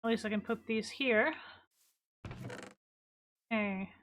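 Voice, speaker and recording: A woman streaming a game casually, giggling often, swearing freely and breaking into loud exclamations. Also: fairly high pitch, slow, slight background noise. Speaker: livestreamer.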